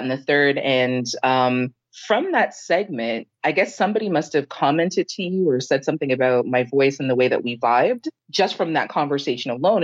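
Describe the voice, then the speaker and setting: A woman's voice: very deep voice, no echo, highs cut off. A woman co-hosting a podcast, telling a story in a rambling, emotional, casual way. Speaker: podcast co-host.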